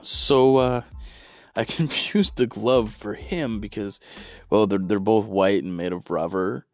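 A man's voice: on the low side, slow, dry recording, soft background music. A man performing a stand-up comedy routine, with exasperated rants and big vocal swings.

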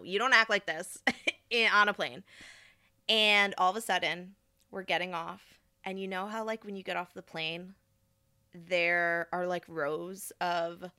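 A young woman vlogger telling a casual story, animated and exasperated, often acting out what people said. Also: on the low side, dry recording.

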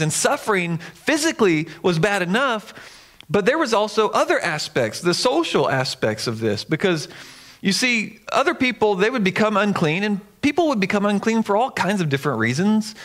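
A man's voice: high voice, very animated, normal speed, a bit bright. A man who is a pastor, preaching a sermon in an earnest, emphatic and conversational way with the odd filler.

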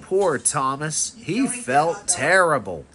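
A father reading a picture book aloud to his son, expressive with small slips. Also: a little high, takes it slowly, crowd noise. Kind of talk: bedtime storybook reading.

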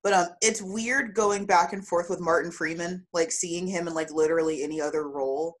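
A woman co-hosting a podcast, talking in a chatty, animated way with lots of fillers. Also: on the low side, brisk, slight background noise. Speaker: podcast co-host. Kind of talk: casual chat.

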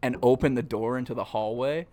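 A man's voice: mid-range voice, fairly quick, a little mellow. A man in his twenties, from Minnesota, co-hosting a podcast and telling crude stories with swearing and laughter. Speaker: podcast co-host. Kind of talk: casual chat.

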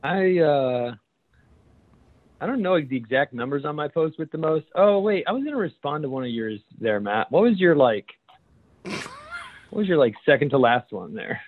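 A man's voice: fairly high pitch, very animated, normal speed, long pauses. A man, a chaplain and podcast co-host, telling a story in casual chat and laughing as he goes. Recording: tinny phone-like line.

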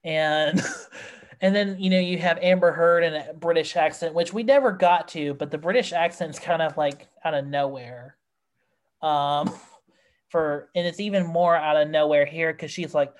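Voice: medium pitch, moderate pace. A podcast host in casual film review chat, rambling and exasperated, with many fillers.

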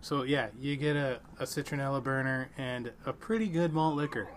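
Easygoing male co-host, mid-pitched and hedging, with faint room hiss. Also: normal speed. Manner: laid-back, hedging, laughs often. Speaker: podcast co-host. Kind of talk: casual beer-tasting chat.

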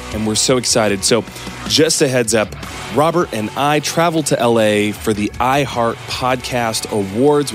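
A man co-hosting a podcast, chatty and enthusiastic as he opens the episode. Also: lowish voice. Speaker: podcast co-host. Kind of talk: upbeat episode intro to listeners. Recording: music bed under the voice.

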